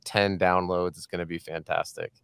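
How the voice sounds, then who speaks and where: Chatty podcast host, smooth clear voice. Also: male voice, low-pitched, little pitch movement, normal speed, a bit bright, no room sound, clean studio sound. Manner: joking, chatty, laughs often. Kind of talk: casual interview chat. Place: home studio.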